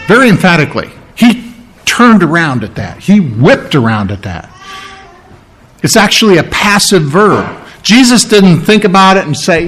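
A man's voice: sits high, a bit bright. A man preaching a verse-by-verse Bible sermon, talking it through conversationally, with emphatic repetition and "all right?" checks. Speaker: pastor.

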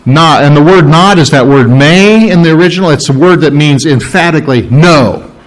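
Animated male preacher, rather high voice. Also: moderate pace, rough recording. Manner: animated preaching, rising in pitch for emphasis, with restarts. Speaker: pastor. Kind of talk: sermon. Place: room with a congregation.

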